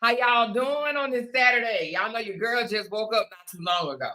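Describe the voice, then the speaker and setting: A woman with a raspy voice hosting a casual livestream, chatting to her viewers and calling them honey and child. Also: fairly high pitch, moderate pace, bright, forceful tone. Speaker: livestream host. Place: at home.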